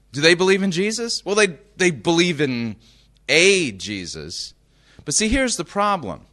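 A man from the United States preaching a sermon, reading scripture slowly and emphatically and checking in with his listeners. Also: a little high, pushed and bright.

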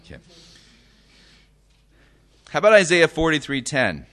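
A man from the United States preaching a sermon, reading scripture slowly and emphatically and checking in with his listeners. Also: on the high side, big pitch swings, bright, forceful tone.

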